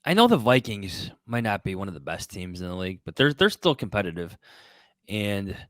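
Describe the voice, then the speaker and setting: Low-voiced male sports podcast co-host. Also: sing-song, a little fast, fairly bright tone, dry recording. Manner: conversational, poses questions. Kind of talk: casual sports talk.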